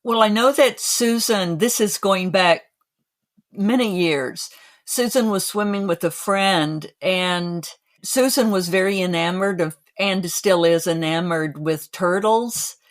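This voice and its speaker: Slow-speaking older woman guest. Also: on the low side. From Cape Cod, United States. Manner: unhurried, recalling with pauses. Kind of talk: casual interview answers.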